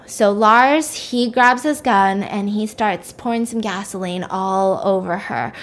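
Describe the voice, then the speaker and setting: A woman's voice: mid-range voice, unhurried, few pauses. A young woman casually retelling a fictional mystery story, chatty and acting out the characters' lines.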